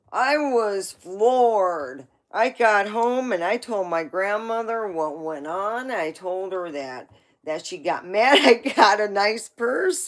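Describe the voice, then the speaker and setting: Slow-talking woman telling stories. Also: mid-range voice. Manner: rambling, laughing, with swearing. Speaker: livestream host. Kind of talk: casual storytelling.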